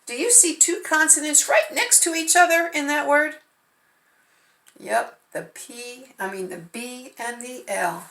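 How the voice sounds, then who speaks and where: A woman with a high-pitched, sharp-toned voice takes her time teaching phonics to first graders online, patiently sounding out letters and syllables. She's at home, and the recording has an echoey room sound.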